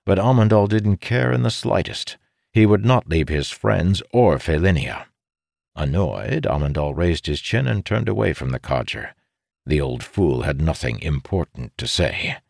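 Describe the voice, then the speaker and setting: A man narrating a fantasy story in a measured, steady way. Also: deep voice, gravelly, no echo, studio quality. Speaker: audiobook narrator. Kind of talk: scripted narration.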